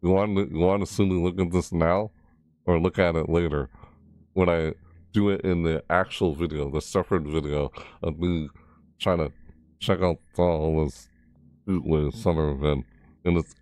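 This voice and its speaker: A man hosting a casual gaming video, rambling goofily, talking to himself and reading event text aloud haltingly. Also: extremely low pitch, steady tone, darkish tone. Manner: rambling and goofy, talks to himself and reads haltingly. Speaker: gaming channel host.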